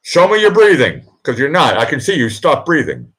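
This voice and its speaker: Coaching a nervous guest in a live chat, this Boston-accented host and producer repeats mantras emphatically. His pitch swings hugely at a moderate pace, going loud and high on each mantra.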